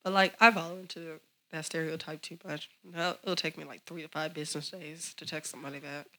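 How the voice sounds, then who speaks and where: A woman's voice: low-pitched, fairly even intonation, brisk, bright, forceful tone. A young woman in casual chat with a dry, teasing manner.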